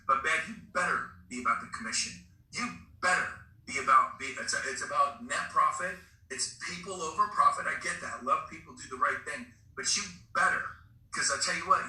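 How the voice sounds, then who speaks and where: A man's voice: on the high side, pushed and bright. A middle-aged man giving a fired-up motivational talk on a group call, telling stories to push his listeners. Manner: fired-up, preachy storytelling. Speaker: real estate brokerage recruiter. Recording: echoey room, distant mic.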